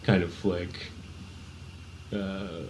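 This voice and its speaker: A man's voice: low voice, little pitch movement, drawn-out words, darkish tone. A man guesting on a casual podcast chat, hesitant, trailing off with lots of fillers. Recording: faint background noise.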